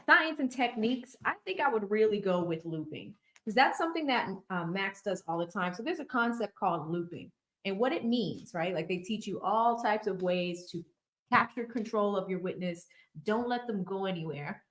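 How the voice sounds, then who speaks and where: A woman's voice: mid-range voice, fairly bright tone. Chatty Boston woman in a roomy echo. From Boston area. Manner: chatty, conversational, full of fillers. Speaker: legal commentary host. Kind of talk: casual livestream commentary.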